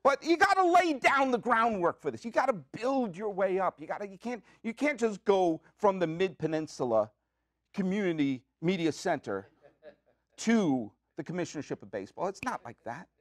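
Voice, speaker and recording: A man hosting his own podcast, talking in an excitable, jokey, rambling way with quick asides from a community media studio. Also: high voice, dry recording. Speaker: podcast host. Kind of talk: comic solo podcast monologue.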